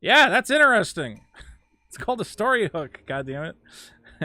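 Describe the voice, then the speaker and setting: A man chatting casually with his viewers while playing a game on a live stream. He is excitable, stammers through restarts and swears a lot. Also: medium pitch, a little slow, vocal fry, no room sound.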